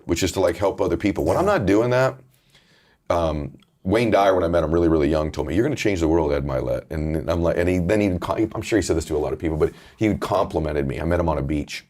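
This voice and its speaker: Very deep-voiced man telling an earnest story. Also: fast talker, darkish tone. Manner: earnest, storytelling, emotional at times. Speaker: podcast host and author. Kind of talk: candid interview conversation.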